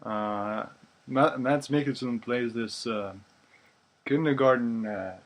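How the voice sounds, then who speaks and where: A man's voice: medium pitch, slow pace, poor audio. A Norwegian man co-hosting a film podcast in casual chat, hesitant and searching for words. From Norway. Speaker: podcast co-host.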